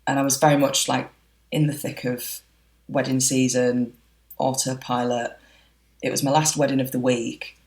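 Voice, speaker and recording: A woman's voice: extremely low pitch, level tone, moderate pace, darkish tone, low-quality recording. A woman, a wedding photographer being interviewed, talking in a chatty, reflective way with frequent fillers. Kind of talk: casual interview chat.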